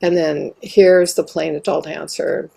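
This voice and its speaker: A woman's voice: low-pitched, fairly even intonation, measured pace, vocal fry, dark tone, slightly rough. A woman hosting a channel, talking casually on her own and reading quoted replies aloud with animation. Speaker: host. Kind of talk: casual monologue.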